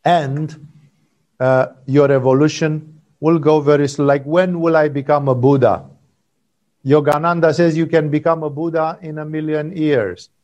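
A man's voice: on the high side, fairly even intonation, moderate pace, a little mellow, muffled recording. A man giving a satsang talk as a spiritual teacher, telling a story in a rambling, digressive way and checking in with "no?" and "you know".

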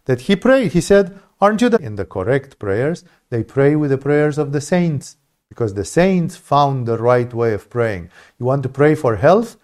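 A man's voice: medium pitch, a little mellow. A man giving an informal Bible study lesson, talking in an emphatic, conversational way and often restarting his phrases. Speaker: Bible teacher.

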